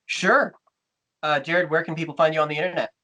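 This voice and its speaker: A man hosting a podcast, chatting casually and signing off the episode with quick patter. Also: on the high side, fairly even intonation, sharp tone, muffled recording. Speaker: podcast host. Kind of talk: casual chat.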